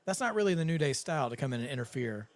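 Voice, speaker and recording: A man's voice: mid-range voice, expressive, rapid-fire. A man co-hosting a live wrestling watch-along in casual chat, rambling and chatty.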